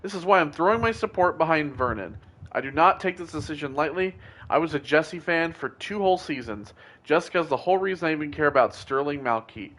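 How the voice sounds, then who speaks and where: A man's voice: lively intonation, a little fast, a bit bright. Man doing a ranting superfan. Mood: indignant. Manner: ranting, emphatic, swooping pitch. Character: indignant obsessive reality-show fan, ranting.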